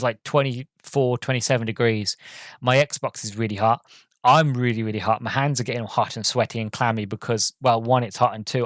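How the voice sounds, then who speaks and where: A podcast host talks through a video game review in a loose, chatty way. His voice is mid-pitched and the recording is close and dry, with no room sound around him. He rambles eagerly, restarting sentences and filling gaps with ums. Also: no room sound. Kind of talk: casual solo game review.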